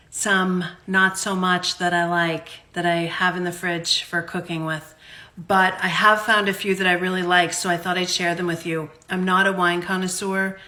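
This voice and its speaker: In her home kitchen, a Canadian woman who vlogs wine reviews chats casually and unscripted, poking fun at herself. Her voice is fairly low, bright and forceful.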